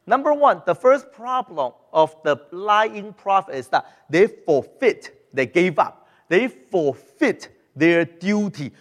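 Male preacher, high voice, animated sermon delivery, acts out voices, long hall reverb. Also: slow. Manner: animated, acts out quoted voices, non-native grammar.

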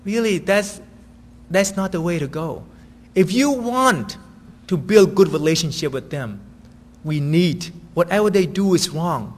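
Guy preaching like he's just chatting, keeps saying right?, slightly high voice, big echoey hall. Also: expressive, a little slow. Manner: conversational, keeps asking "right?". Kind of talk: sermon.

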